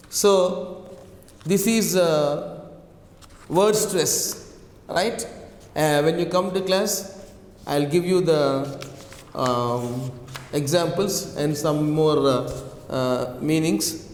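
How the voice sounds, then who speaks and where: A male teacher with a fairly high voice walks through a pronunciation lesson at an unhurried pace, saying each word over and over and spelling out the letters. The recording is roomy and echoey, with a long reverb tail behind him. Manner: slow, repeats each word several times, spells letters aloud. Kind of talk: online English pronunciation lesson.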